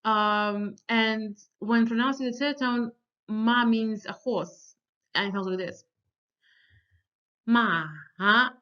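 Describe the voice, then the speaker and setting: A woman's voice: a little high, fairly even intonation, slow, clean tone. Woman teaching in slightly dull audio. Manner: explains step by step, with frequent ums and restarts; sings out sample syllables with exaggerated tones. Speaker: language teacher. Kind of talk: recorded online lecture.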